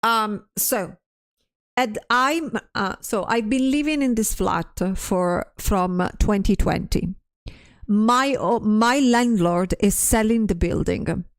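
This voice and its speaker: A woman's voice: mid-range voice, slow. A stressed woman streamer in casual livestream chat, ranting, swearing often and restarting her sentences as she reads chat aloud.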